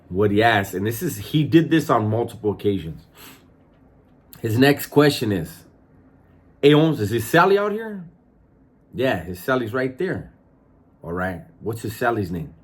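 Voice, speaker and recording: A man's voice: on the low side, slightly rough. A man, a former prison inmate, casually telling a story with profanity and acted-out voices.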